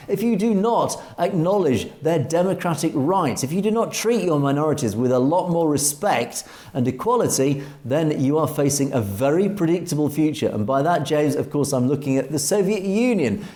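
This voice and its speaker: A European man with an English accent and a voice on the high side, dark in tone, co-hosts an opinionated commentary talk show. He speaks emphatically, reads viewer comments aloud, and keeps restarting his phrases.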